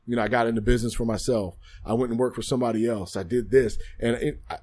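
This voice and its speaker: A former football player in his thirties, a guest in a podcast studio, speaks candidly and reflectively about his life in interview-style storytelling, often repeating phrases. He talks fast, with a medium-pitched, steady, darkish voice and a breathy edge.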